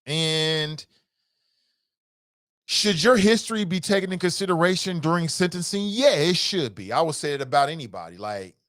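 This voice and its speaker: A middle-aged man hosting a talk show, reading viewer comments and answering them in an animated, emphatic way. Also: on the high side, no echo, studio quality. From United States. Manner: animated, emphatic, drawn-out repetitions. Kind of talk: casual live-stream talk.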